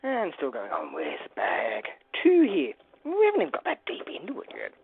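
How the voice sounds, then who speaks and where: A host casually narrating a toy brick build, rambling through playful asides and quiet mumbles to themself. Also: mid-range voice, huge pitch swings, normal speed, gravelly, slightly rough. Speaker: LEGO builder and channel host. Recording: dry, tinny phone-like sound.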